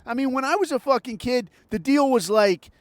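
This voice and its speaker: A man's voice: very high voice, expressive, brisk, no echo. An older man from Southern California hosts a podcast, ranting angrily and sarcastically with constant swearing while he drives. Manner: angry, profane, sarcastic. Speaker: podcast host. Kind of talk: profane ranting monologue. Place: in a car while driving.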